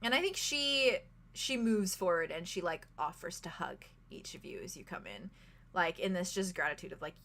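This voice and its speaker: A woman narrating as game master of a tabletop game in an animated, chatty way, full of fillers. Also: on the low side, normal speed.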